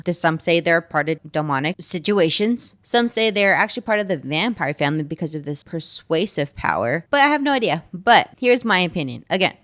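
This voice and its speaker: A woman's voice: lowish voice, a bit bright. A young woman with a Texan accent, hosting a casual horror storytelling chat in a chatty, rambling way. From Texas. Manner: chatty, rambling, drawls and jokes about scary things. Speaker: horror channel host.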